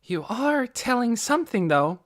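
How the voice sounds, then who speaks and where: A man's voice: very high-pitched, big pitch swings, measured pace, pitched above the performer's own voice, exaggerated voice. Lena, a fierce young girl, as a man puts her on. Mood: insistent. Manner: pressing, accusing. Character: indignant determined young girl.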